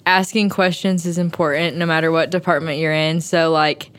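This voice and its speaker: A young woman intern answers interview questions in an earnest, encouraging way. Her voice is low and smooth. She leans on "like" as a filler while she talks. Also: fairly even intonation, moderate pace.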